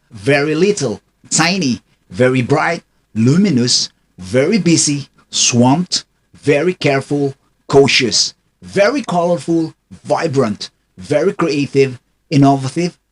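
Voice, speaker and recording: Guy doing a chill vocab vlog, husky voice, takes it real slow, reads words off in a steady beat. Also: on the high side. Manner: slow, hesitant delivery with many uh fillers; reads a list in a steady rhythm. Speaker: host.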